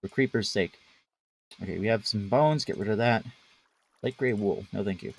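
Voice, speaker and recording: A man's voice: lowish voice, moderate pace, a little hiss or hum. A man streaming a game live, chatting playfully and bantering with the game's creatures as he plays. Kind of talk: live gameplay commentary.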